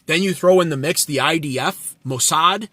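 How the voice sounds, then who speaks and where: Male channel host, sarcastic and crude, higher voice, dry close sound. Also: normal speed, fairly bright tone, no room sound. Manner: sarcastic, profane, blunt. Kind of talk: political commentary with chat replies.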